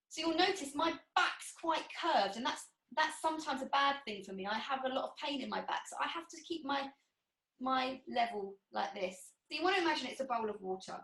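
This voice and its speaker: A woman with a high, bright voice talks a class through pilates moves, cueing each breath with an encouraging tone. She sounds some way from the mic, in a room that echoes. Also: far from the mic. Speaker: pilates instructor. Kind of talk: guided exercise class.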